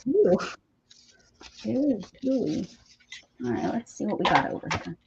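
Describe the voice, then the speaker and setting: A woman's voice: medium pitch, sing-song, measured pace, creaky. A woman hosting a craft livestream, chatting casually and jokingly as she opens her mail, laughing often. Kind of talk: casual chat while opening mail. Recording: dull lo-fi stream audio with faint hiss.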